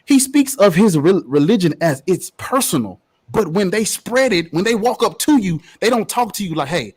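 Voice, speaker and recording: A young man with a husky, breathy voice argues fiercely in a street debate. He swears freely and preaches his points. His pitch sits high and jumps around with lively swings. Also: moderate pace. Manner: fiery, profane, preachy. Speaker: debate participant.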